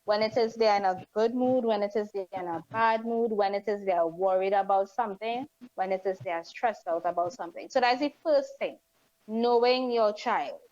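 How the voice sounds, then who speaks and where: A woman's voice: mid-range voice, moderate pace, darkish tone. A woman co-hosting a casual discussion, talking conversationally and often checking that listeners agree. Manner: conversational, asks the audience for agreement. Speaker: co-host. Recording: dull lo-fi sound.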